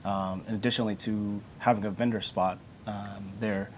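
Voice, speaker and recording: A man's voice: on the low side, level tone, normal speed, a little mellow, slight background noise. A man from a game store explaining events in a studio interview, with many fillers.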